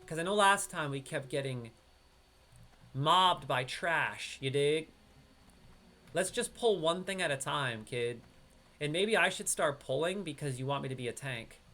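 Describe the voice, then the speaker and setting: A man's voice: on the high side, a little slow, pauses often. A man from upstate New York giving live, slangy commentary while playing an online game with a teammate. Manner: excitable, slangy banter with a teammate. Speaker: streamer.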